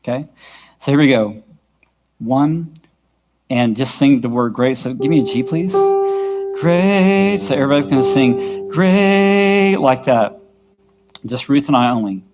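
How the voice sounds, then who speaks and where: A man's voice: mid-range voice, animated, unhurried, pauses often. A man teaching a vocal workshop to a church worship team, patient and often checking that the group is following. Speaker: worship music instructor. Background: his own guitar.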